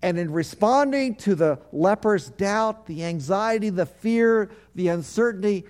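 High-voiced man preaching a sermon. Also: expressive, unhurried, a little mellow. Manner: call-and-response preaching, congregation repeats phrases; earnest, repetitive emphatic phrasing. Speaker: pastor.

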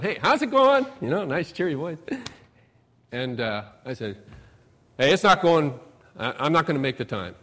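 Telling homespun stories from his own life, a middle-aged pastor delivers a sermon in a chatty style with a mid-range voice. He rises to stress points, then lets lines fade away gently.

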